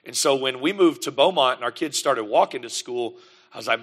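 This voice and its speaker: A middle-aged man, a pastor telling lively family stories in a sermon and acting out the scenes. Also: mid-range voice, fairly quick. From United States. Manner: animated, lively storyteller who acts out scenes. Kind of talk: sermon storytelling.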